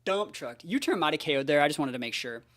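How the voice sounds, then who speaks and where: A man's voice: on the high side, expressive, fast, fairly bright tone. A man giving live commentary on his own competitive game matches, hyped and full of slangy trash talk.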